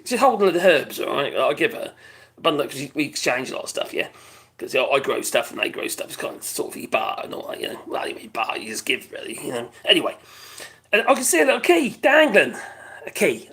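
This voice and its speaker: A British man hosting a live stream, chatting casually in a rambling way, reading out viewers' comments, his voice going hoarse. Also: sits high, bright, forceful tone. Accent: British English. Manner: rambling, chatty, laughs often, reads out viewers' chat.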